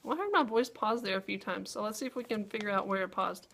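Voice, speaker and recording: A woman's voice: medium pitch, expressive, fast, vocal fry, few pauses, fairly bright tone. A young adult woman teacher modeling a writing lesson, checking in with her listeners with frequent "okay?" and fillers. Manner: upbeat classroom talk with frequent "okay?" checks. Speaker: teacher trainer.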